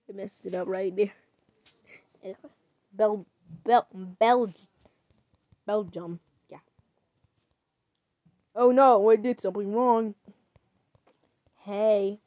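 A woman streamer giving chatty commentary on a game as she plays, breaking into sudden loud, excited outbursts. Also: medium pitch, very slow, pauses often, no room sound. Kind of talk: gaming livestream commentary.

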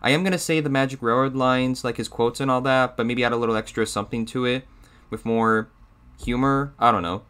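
A man's voice: mid-range voice, steady tone, a little fast, a bit bright, clear, resonant tone. A man hosting his own channel, chatting casually in a rambling, hesitant way full of fillers. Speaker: YouTuber. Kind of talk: casual chat.

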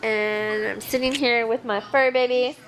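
A woman vlogging casually at home, chatty and excitable. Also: fairly high pitch, unhurried, rough recording. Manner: chatty, excitable, sing-song baby talk to her pets. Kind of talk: casual home vlog chat. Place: living room at home. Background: TV show with cheering audience playing.

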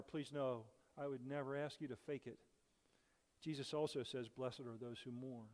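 A man's voice: mid-range voice, a little mellow, in a large hall. A man preaching a sermon as a guest speaker in a church, with earnest emphasis that rises and falls. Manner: earnest, rising and falling emphasis. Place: church sanctuary.

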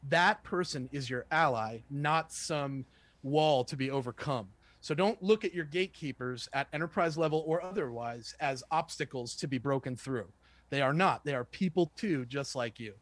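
A man who works as a sales trainer, giving a lively, conversational lesson and acting out sample phone calls. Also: medium pitch, normal speed, dry recording. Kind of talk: casual instructional talk with role-played calls.

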